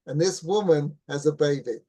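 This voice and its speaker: A middle-aged rabbi giving a Torah class. He tells a story in a relaxed, anecdotal way and keeps checking in with listeners by asking "right?" and "you follow?". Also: on the high side, moderate pace. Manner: relaxed anecdotal teaching with restarts.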